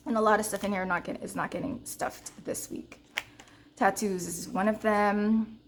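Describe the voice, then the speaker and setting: A young woman vlogging about budgeting, telling a story to her viewers in an animated, casual way. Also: unhurried, background noise. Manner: counts cash in a low murmur.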